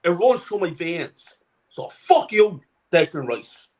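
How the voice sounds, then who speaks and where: A man's voice: a little high, sing-song, takes it slowly, rough recording. A middle-aged man, co-hosting a fan channel and delivering an angry, profane rant. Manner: furious, profane, shouting rant. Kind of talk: angry ranting fan commentary.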